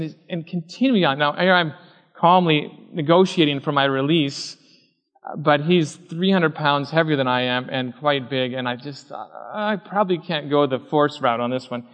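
In a large hall, a man with a fairly high-pitched, fairly bright voice preaches a sermon as a pastor. He shares a personal story and acts out the voices of the people in it.

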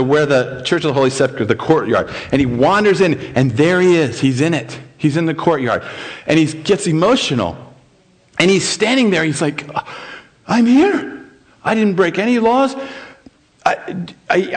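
A middle-aged male pastor telling a story in a sermon, acting out the voices of the people in it. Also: on the high side.

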